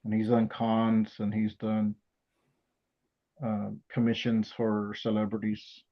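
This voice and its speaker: A man hosting a podcast, chatting casually and recounting things in a halting way with many pauses and restarts. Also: on the low side, completely flat delivery. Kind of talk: casual chat. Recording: dull lo-fi sound.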